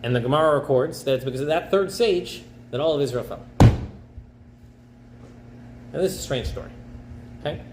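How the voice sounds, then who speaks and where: A man's voice: on the high side, a little fast, long pauses. A male rabbi telling a story as a casual, chatty lesson, with slang and frequent "okay?". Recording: echoey room, faint background noise.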